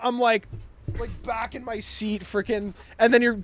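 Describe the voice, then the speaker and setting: A young man in his twenties co-hosting a comedy podcast, telling loud, swear-filled anecdotes in casual chat. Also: very high-pitched, level tone, a little slow, noisy background. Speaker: podcast co-host.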